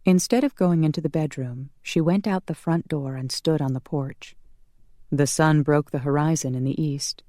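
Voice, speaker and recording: An audiobook narrator reading a romance in a measured, calm manner. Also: medium pitch, no echo, clean studio sound. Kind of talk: scripted narration.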